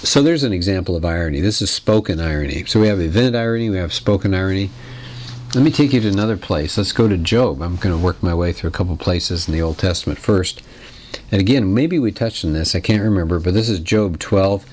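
A man teaching a lecture on literature in a conversational, explanatory way, putting questions to his listeners and clearing his throat now and then. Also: low voice, quick pace, darkish tone, slight background noise.

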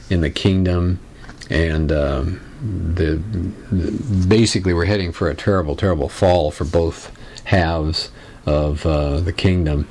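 A man leads a Bible lesson in a loose, chatty style, pausing on fillers as he retells the story. His voice is very deep and settled. He sounds like a teacher explaining to a class. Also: darkish tone. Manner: casual, conversational, with frequent fillers.

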